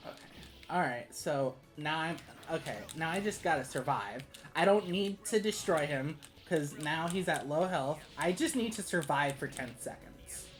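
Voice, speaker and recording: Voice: medium pitch, lively intonation, normal speed, faint music behind. Rambling chatty game streamer. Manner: rambling, full of "like" and restarts, laughs often. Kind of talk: casual gameplay commentary.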